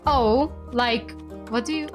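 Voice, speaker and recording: A woman streaming casually to her chat as a VTuber. She talks excitably, jumping to sudden squeals and then dropping to soft mutters. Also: a little high, takes it slowly, soft background music.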